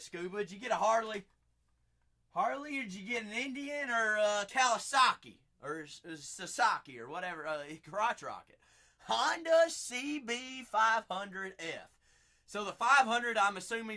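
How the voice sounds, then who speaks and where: A man's voice: high-pitched, pushed and bright. A chatty man with a Southern accent hosting a live card-break stream, talking to viewers by name.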